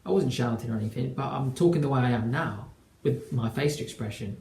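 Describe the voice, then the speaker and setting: A man's voice: mid-range voice, a little fast, darkish tone, a little hiss or hum. A man in his twenties, a relationship coach, telling a personal story to camera in an earnest, emphatic way. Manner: earnest and emphatic, acts out quoted dialogue. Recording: echoey room.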